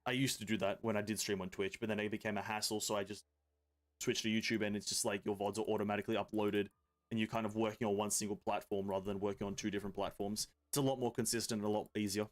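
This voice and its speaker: A man's voice: on the low side, little pitch movement, quick pace. A young man with an Australian accent, chatting casually and rambling with viewers while he streams a game. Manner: laid-back, rambling, swears casually. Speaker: gaming streamer.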